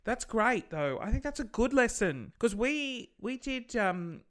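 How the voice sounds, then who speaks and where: A woman telling a travel story in a relaxed podcast chat. Her pitch swings widely as she acts out the voices of the people in it, lively and expressive throughout. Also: a little slow. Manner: animated, acts out quoted voices.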